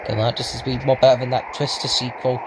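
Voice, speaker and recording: A man commentating as he plays video games, panicking and yelling out reactions, with self-mocking asides. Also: mid-range voice, level tone, quick pace, noisy background. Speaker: gamer. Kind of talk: let's play commentary. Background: game music.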